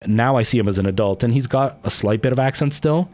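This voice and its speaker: A streamer in his thirties with a Canadian accent rambles casually to his livestream viewers, full of ums and restarts. His voice is medium-pitched, fast and a little mellow.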